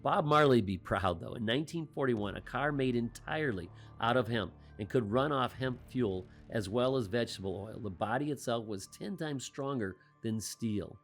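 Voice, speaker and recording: A man's voice: mid-range voice, normal speed, few pauses, faint music behind. A man hosting a commentary monologue, asking rhetorical questions and adding wry asides. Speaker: host.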